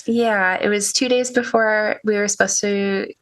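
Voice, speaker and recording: A young woman telling an emotional personal story as a podcast guest, halting with many restarts and soft laughs. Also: mid-range voice, steady tone.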